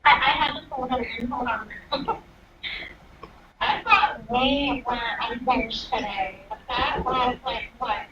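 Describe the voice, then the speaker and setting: A young woman with a fairly high voice chats and rambles as a podcast co-host, giggling along the way. The audio is dull and lo-fi, with loud hiss running under her. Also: takes it slowly. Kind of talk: casual chat.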